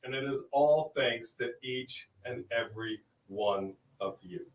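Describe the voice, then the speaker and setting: A man hosting a casual livestream, giving playful, hyped shout-outs to viewers. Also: medium pitch, unhurried, echoey room, distant mic, rough recording. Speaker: host.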